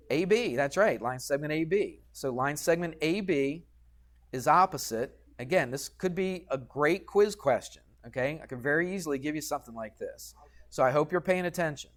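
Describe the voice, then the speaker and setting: A man's voice: a little high, animated, moderate pace. Chatty male math teacher in class. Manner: patient, chatty, checks in with "okay?" often. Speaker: high school math teacher. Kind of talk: classroom lesson.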